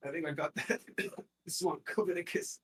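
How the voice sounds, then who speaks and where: A man's voice: a little high, normal speed, fairly bright tone, far from the mic, slight background noise, voice pushed up, close to an everyday voice. A man voicing a sick male villager in a tabletop game, folksy and laughing. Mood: jokey.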